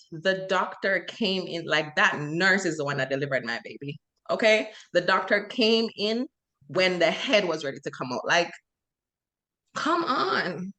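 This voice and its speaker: A woman's voice: fairly low pitch, a bit bright. A young adult woman co-hosting a podcast, talking earnestly and with feeling, with many fillers and restarts. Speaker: podcast co-host. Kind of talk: casual chat.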